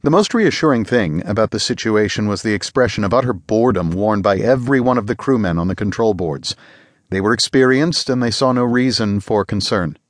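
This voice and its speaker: A man narrating an audiobook in a steady, measured way. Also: fairly low pitch, dry recording, studio quality. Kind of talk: scripted narration.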